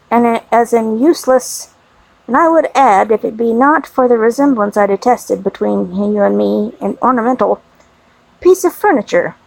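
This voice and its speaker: A woman reading the part of a weary, self-loathing young gentleman, with a resigned, self-deprecating delivery. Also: fairly high pitch, gravelly, dry recording, heavily acted, poor audio.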